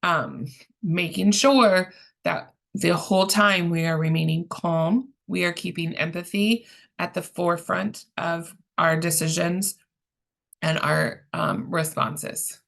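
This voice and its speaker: A woman giving a training presentation in a calm, measured, explanatory way, pausing often with ums. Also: on the low side, gravelly.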